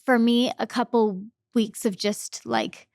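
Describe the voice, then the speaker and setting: A young woman telling a personal story on a podcast, emotional and halting, repeating her words as feeling comes up. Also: on the high side, fairly even intonation, darkish tone, no room sound, studio quality. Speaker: podcast guest.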